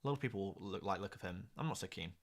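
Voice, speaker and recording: A man hosting a fantasy football live stream, reading out viewer questions and chatting in an excitable, jokey way. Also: deep voice, fast.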